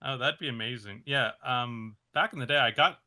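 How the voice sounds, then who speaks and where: A man with a sharp, bright voice answers interview questions in a loose, casual way. He hesitates often, fills gaps with "um" and "uh," and laughs softly between thoughts. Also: mid-range voice, normal speed. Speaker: animation creator, interview guest.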